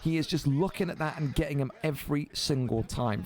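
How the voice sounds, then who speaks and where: A man commentating a video game football match with casual banter, animated and swearing freely. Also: fairly high pitch. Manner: animated, swears casually, quick play calls.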